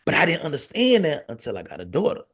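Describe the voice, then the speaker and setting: A man in his thirties hosting a podcast, talking casually and preaching to fathers, with an animated storytelling manner. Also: on the high side, fast talker, creaky, breathy edge. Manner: animated storyteller, acts out family quotes in raised voice. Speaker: podcast host.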